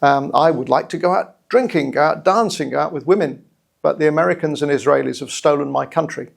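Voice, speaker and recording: A middle-aged man with a British accent, telling his own story in a measured, reflective way with hesitant restarts. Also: fairly high pitch, gravelly. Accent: British English. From England. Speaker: guest storyteller. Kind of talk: personal story told to camera.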